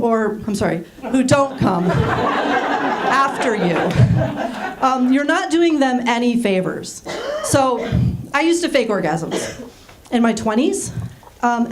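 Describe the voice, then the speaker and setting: A woman in her thirties, raised in Germany, doing a deadpan stand-up set on a small theater stage with frequent ums. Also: fairly high pitch, noisy background. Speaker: stand-up comedian. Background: audience laughing.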